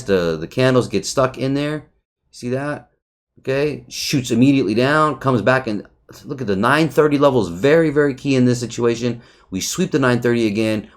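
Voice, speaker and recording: A man casually reviewing a trading chart, talking loosely, swearing often, restarting phrases and checking in with "right?". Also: mid-range voice. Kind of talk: casual market recap over a chart.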